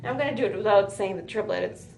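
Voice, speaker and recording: Woman, drum teacher, patient, keeps asking right, roomy echo, loud drums. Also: medium pitch, rapid-fire, loud music behind the voice. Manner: patient, counts beats aloud, says "right?" often. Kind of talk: music lesson for a student. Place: music school room with a drum kit. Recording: echoey room with loud drums. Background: drum playing.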